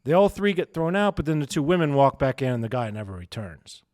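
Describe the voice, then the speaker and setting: A man's voice: medium pitch, big pitch swings, quick pace, darkish tone, no room sound, studio quality. A man co-hosting a podcast, telling a story in casual chat with many fillers and frequent laughs. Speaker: podcast co-host.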